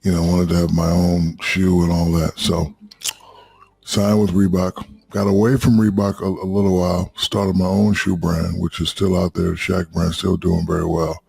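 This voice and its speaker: A man in his fifties telling stories as a podcast guest, profane and animated, acting out quotes. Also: normal speed, dry recording. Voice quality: deep gravelly husky voice. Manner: profane, animated storyteller who acts out quotes. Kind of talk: casual storytelling chat.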